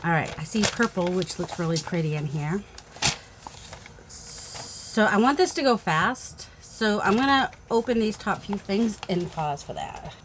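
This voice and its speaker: A woman's voice: medium pitch, expressive, measured pace, noisy background. Chatty New England woman crafter. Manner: chatty, rambling, thinking aloud with many fillers. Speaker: crafting channel host. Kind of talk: casual unboxing chat. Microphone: phone.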